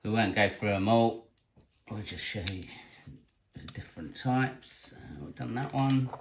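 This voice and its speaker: A man, hosting a casual vlog and chatting in a relaxed way about his tarantulas, with plenty of ums. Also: lowish voice, unhurried, gravelly, noisy background. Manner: chatty, laid-back, says um and uh a lot. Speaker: tarantula keeper and channel host. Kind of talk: casual show-and-tell vlog.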